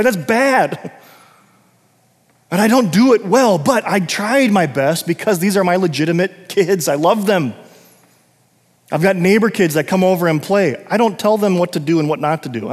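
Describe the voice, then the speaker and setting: A middle-aged man preaching a sermon as pastor, reading scripture and breaking into casual asides and short laughs. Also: on the high side. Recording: long hall reverb.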